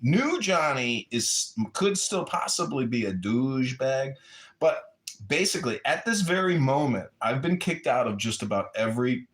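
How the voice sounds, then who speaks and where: A man's voice: medium pitch, animated, moderate pace, a bit bright. A man hosting a casual audio chat room, talking in a rambling way with wry asides.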